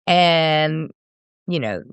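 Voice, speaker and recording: A woman in her thirties, a singer guest in a candid interview, telling a personal story with many fillers and soft laughs. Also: sits low, animated, very slow, creaky, smooth, dry recording.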